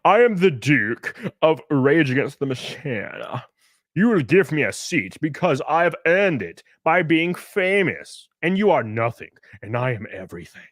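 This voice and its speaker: A man's voice: on the high side, sing-song, unhurried, no echo, clean studio sound. A man mimicking an entitled, self-important male rock guitarist in a haughty, mocking voice.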